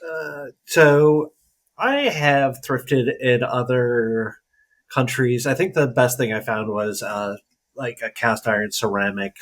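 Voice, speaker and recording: A man hosting a podcast in casual chat, joking and quick with short interjections. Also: medium pitch. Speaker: podcast host.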